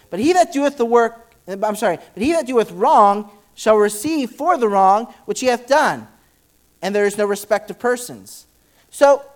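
Excited, fast-talking male preacher. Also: high voice. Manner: fast, excited, repeats words as he pushes on. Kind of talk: church sermon with Bible reading.

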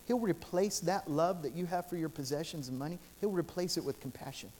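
A man's voice: on the high side, a little fast, few pauses, a little mellow, slight background noise. A male pastor preaching a sermon in a church sanctuary, telling stories in an earnest, repetitive way with frequent restarts.

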